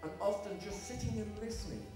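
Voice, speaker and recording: A man's voice: high voice, fast talker. A middle-aged man, a spiritualist medium, giving earnest advice to trainee healers. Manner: earnest, advising. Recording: echoey hall from far off, faint music.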